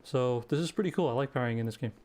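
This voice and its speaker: Man, casual gaming chat, easygoing, mid pitch. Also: rapid-fire, darkish tone. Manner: easygoing, thinks aloud while playing. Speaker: let's play gamer.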